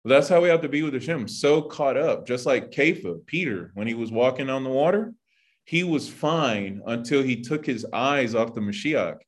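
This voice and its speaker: A man's voice: mid-range voice, lively intonation, normal speed. A man teaching an informal sermon in a loose, conversational way, full of "like" and "you know". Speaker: Bible teacher.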